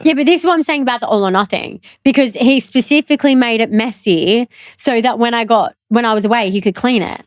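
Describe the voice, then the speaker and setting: A young woman co-hosting a podcast, chatting casually and quickly, laughing often. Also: fairly high pitch, no room sound, studio quality. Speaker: podcast co-host. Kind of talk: casual chat.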